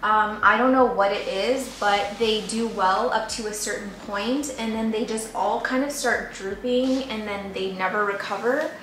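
A woman's voice: mid-range voice, measured pace, hardly any pauses, fairly bright tone, echoey room, slight background noise. A young woman vlogging casually about her houseplants at home, chatty and self-deprecating, recorded on a camera mic some distance away. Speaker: plant vlogger. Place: apartment room.

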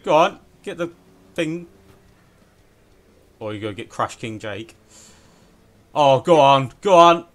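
A man commentating an online racing game with a friend, laughing, swearing and shouting at crashes. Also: mid-range voice, lively intonation, takes it slowly, pauses often. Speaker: gaming channel host. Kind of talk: excited gameplay commentary with a friend.

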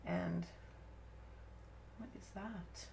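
A woman's voice: mid-range voice, steady tone, very slow, vocal fry, darkish tone, slight background noise. Chatty woman hosting a craft demo. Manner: chatty, rambling, self-interrupting, laughs at herself. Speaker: crafting tutorial host. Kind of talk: live-stream craft demonstration.

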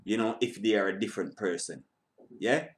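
A man's voice: fairly low pitch, brisk. A man hosting a reaction channel, speaking in casual, rambling commentary. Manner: animated shout-outs, rambling asides.

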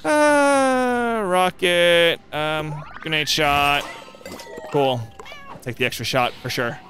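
Young male let's-play host, excitable and jokey, slightly high bright voice. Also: takes it slowly. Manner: goofy, excitable, jokes and yelps at the game. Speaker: gaming channel host. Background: game music.

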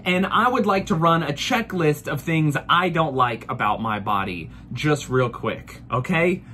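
A man's voice: fairly high pitch, lively intonation, unhurried, bright, forceful tone, a little hiss or hum. A man in his thirties doing a profane, mock-furious comedic rant full of rhetorical questions. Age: 30s. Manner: exasperated, profane ranting.

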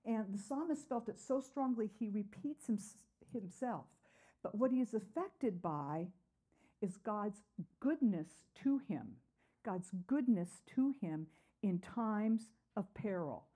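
A woman's voice: medium pitch, expressive, slow, dark tone. A woman teaching a Bible study lesson, asking her class questions and answering them herself, earnest, with frequent "uh" fillers.

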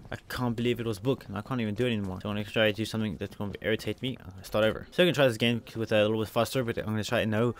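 A man's voice: fairly low pitch, steady tone, rapid-fire, few pauses. A man commentating a video game as he plays, narrating every move, spelling out letters and repeating himself. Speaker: let's play gamer.

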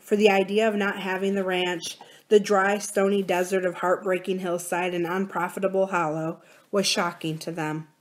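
Library lady reading a novel out loud, measured and expressive, mid pitch. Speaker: library reader.

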